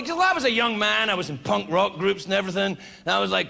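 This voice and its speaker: A man performing a stand-up comedy set on stage, animated and loud, shouting punchlines and slipping into mock voices. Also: sits high, fast talker, vocal fry, few pauses. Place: large theatre with a live audience. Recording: live show with loud crowd noise.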